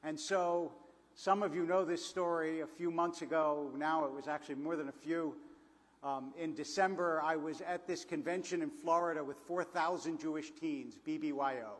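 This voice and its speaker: A man's voice: on the high side, fairly even intonation, moderate pace. A man from Philadelphia giving a storytelling speech to an audience, with quotes and humor. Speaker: panel speaker. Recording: hall reverb.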